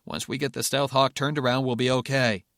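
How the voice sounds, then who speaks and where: A man's voice: mid-range voice, little pitch movement, fairly quick, a bit bright, dry recording, clean studio sound, lightly acted. A man voicing a determined male general who gives clipped, commanding orders in a cockpit. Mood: urgent.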